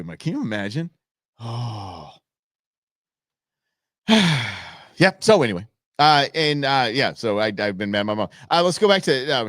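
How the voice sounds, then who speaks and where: Male host, casual live chat, animated swings, dry mic. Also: medium pitch, dry recording. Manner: animated storytelling, folksy with y'all. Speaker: father. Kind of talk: live show reaction and chat.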